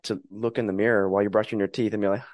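A man speaking calmly and earnestly in a reflective conversation, sometimes acting out inner voices. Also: fairly low pitch, rapid-fire, dry recording. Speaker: podcast guest.

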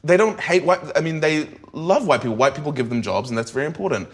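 A comedian talking candidly in an interview, thinking aloud with frequent restarts and tag questions. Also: male voice, fairly high pitch, lively intonation, quick pace. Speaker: comedian guest.

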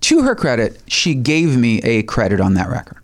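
A man guest telling a story in a casual chat, animated, swearing now and then and laughing between bits. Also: mid-range voice, normal speed. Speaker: guest musician.

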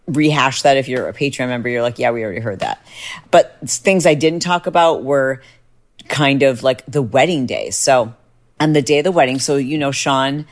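A middle-aged woman hosting a podcast, chatting casually and telling a story with lively jumps in pitch when excited. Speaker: podcast host. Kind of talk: casual chat.

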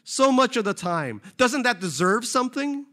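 A man's voice: very animated, normal speed, pushed and bright, full character voice. A man reading a novel aloud, voicing a boastful, self-pitying middle-aged financier with a whiny, indignant delivery. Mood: indignant whine. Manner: whiny and indignant, pitch jumping high.

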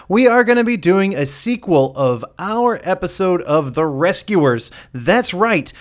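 A man's voice: high-pitched, animated, measured pace, hardly any pauses. A man hosting a podcast, chatting casually and jokingly, often laughing and rambling. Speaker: podcast host.

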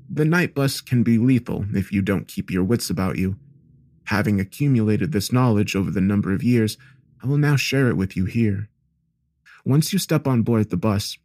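A man reading a first-person horror story aloud in a steady, measured storytelling manner. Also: on the low side. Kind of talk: scripted horror story narration.

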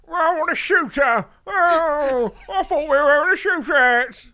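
A man putting on a mocking impression of a male film star, in a high, strained, mumbling voice with a put-on Welsh accent. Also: animated, unhurried, bright, forceful tone, exaggerated voice.

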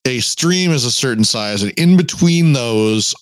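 A man's voice: medium pitch, expressive, unhurried, no room sound. A man co-hosting a podcast, chatting casually with rambling, joking asides and frequent restarts. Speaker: podcast co-host. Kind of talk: casual chat.

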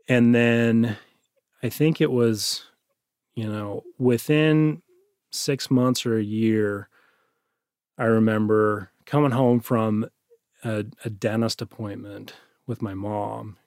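A man telling a personal story in an interview, halting, with many restarts, his voice trailing off quietly at the ends of phrases. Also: fairly low pitch, fairly even intonation, no room sound, clean studio sound. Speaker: interview guest.

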